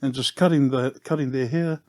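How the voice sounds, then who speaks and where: Laid-back New Zealand barber telling stories. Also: male voice, medium pitch, fairly quick. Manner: relaxed, laughs often, ends phrases with "eh". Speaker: podcast guest, barber. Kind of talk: casual storytelling interview.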